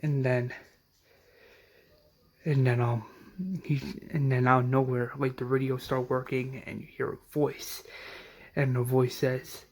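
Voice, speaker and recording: A man's voice: mid-range voice, level tone, a little slow, pauses often, a little mellow. A man casually retelling a TV episode scene by scene, rambling with many restarts and hesitations. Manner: rambling, heavy on fillers and restarts. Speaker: episode recapper.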